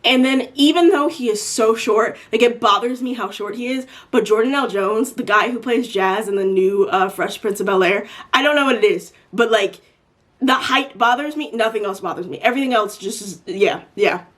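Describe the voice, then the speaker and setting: A woman in her twenties, with a fairly high, slightly bright voice at normal speed, answers viewer questions. Her chat is casual and rambling, packed with "like" and "um."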